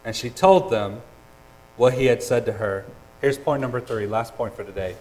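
A man preaching a sermon, earnest and personal, with hesitant restarts and swings between loud and soft. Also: medium pitch, normal speed, poor audio. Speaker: pastor.

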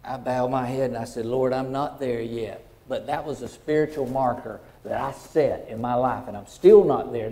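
A middle-aged preacher with a fairly high voice tells a story from the pulpit. He is folksy and heartfelt, and he drops to a hush and then rises to full volume. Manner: folksy, heartfelt, swings from hushed to loud. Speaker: pastor. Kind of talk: sermon storytelling.

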